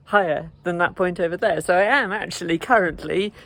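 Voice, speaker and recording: This travel vlogger speaks briskly in a fairly low, fairly bright voice as she walks through countryside. Her outdoor narration is casual, chatty, and wry, and she's easily amused.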